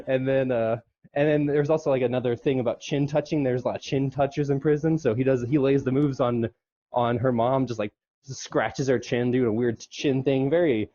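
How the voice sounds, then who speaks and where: A man's voice: steady tone, normal speed, mellow, muffled recording. A man casually recapping an episode on a podcast, rambling along with fillers. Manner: rambling, with squeaky falsetto when quoting characters. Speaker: podcast co-host.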